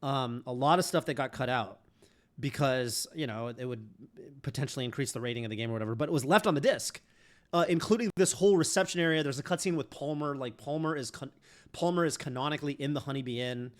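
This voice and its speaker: A man's voice: mid-range voice, fast. A man streaming a game, chatting casually in a rambling way full of fillers and restarts. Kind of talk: casual chat while streaming.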